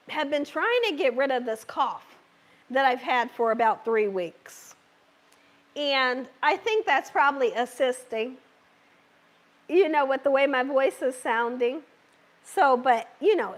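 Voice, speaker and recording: A woman's high voice, roughened to a hoarse scratch, leads a live cooking demonstration from her home kitchen. She is chatty and reassuring and keeps checking in with viewers as she works. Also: fairly bright tone. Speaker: cooking channel host.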